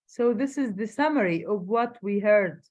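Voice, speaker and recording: A woman with an Egyptian accent teaching an English class online, explaining rapidly in Arabic and slowing down for careful English. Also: mid-range voice, lively intonation, darkish tone, lo-fi sound. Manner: switches fast between Arabic and slow careful English.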